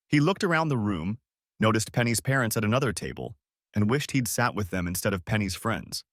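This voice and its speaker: A man narrating a scripted audiobook story with expressive storytelling. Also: fairly low pitch, dry recording, studio quality.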